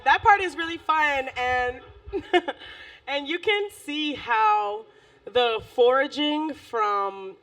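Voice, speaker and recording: A high-voiced woman co-hosting a relaxed chat show, laughing easily and rambling between thoughts. She sits a little back from the microphone, so her voice is slightly distant. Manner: laughs often, loose and chatty. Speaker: podcast co-host. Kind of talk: casual chat.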